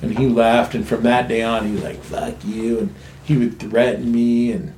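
A man's voice: medium pitch, level tone, normal speed, darkish tone. Man in recovery, frank storyteller, swears freely; echoey room, light background hum. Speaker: guest sharing recovery story. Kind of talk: candid personal storytelling. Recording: echoey room, faint ambience.

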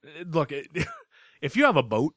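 A man's voice: fairly high pitch, big pitch swings, normal speed, fairly bright tone, no room sound, clean studio sound. A man hosting a podcast, chatting casually, joking and swearing freely. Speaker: podcast host.

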